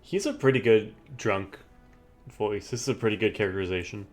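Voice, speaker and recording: A man's voice: fairly low pitch, a little fast, faint music behind. A man streaming a game, playfully commenting and reading his dialogue choices aloud. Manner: playful, reads his choices in a mock-formal tone and laughs.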